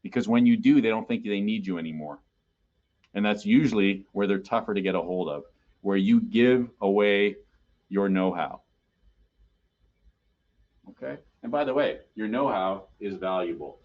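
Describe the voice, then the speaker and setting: A man's voice: on the low side, normal speed, pauses often, a little mellow, muffled recording. A man presenting a sales training webinar in a conversational way, often checking in with listeners. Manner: conversational, keeps checking in with "okay?".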